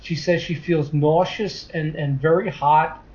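A middle-aged man tells a long story in an earnest, rambling way, tagging his sentences with "she says" again and again. His voice sits a little high for a man. The recording is dull and lo-fi. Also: fairly even intonation, unhurried, darkish tone. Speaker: guest telling a story. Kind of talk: casual spoken storytelling. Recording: dull lo-fi audio.

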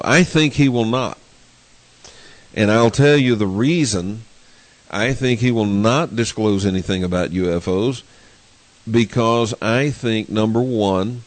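A man's voice: lowish voice, dry recording. A man hosting a call-in radio show, talking plainly and thinking aloud as he goes.

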